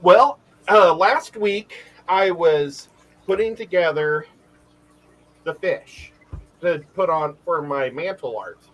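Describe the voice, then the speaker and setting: A man co-hosting a casual live stream, telling stories in an animated way and laughing often. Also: on the high side, slow pace, rough recording. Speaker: livestream co-host.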